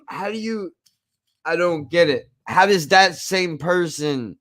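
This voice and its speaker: A man's voice: high voice, takes it slowly, fairly bright tone. A man from New Jersey hosting a podcast, ranting emphatically in casual chat, repeating himself and swearing. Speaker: podcast host.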